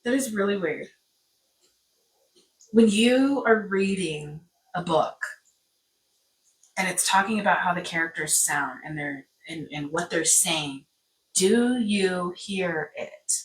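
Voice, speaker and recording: A woman's voice: lowish voice, slow, long pauses. A young woman chatting casually as a co-host, playful and teasing, laughing often. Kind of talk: casual chat. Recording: voice from a distance of the mic.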